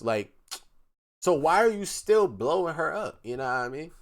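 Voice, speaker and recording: A man streaming live, reacting to text messages in casual commentary, mocking and animated, reading quotes in a flat voice. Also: fairly high pitch, moderate pace.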